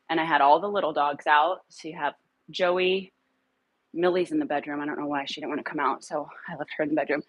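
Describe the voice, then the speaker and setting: A woman who trains dogs, talking casually on a live stream from her home, rambling between points and calling her dogs in a high coaxing voice. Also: no room sound, poor audio. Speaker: dog trainer. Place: home room with a computer.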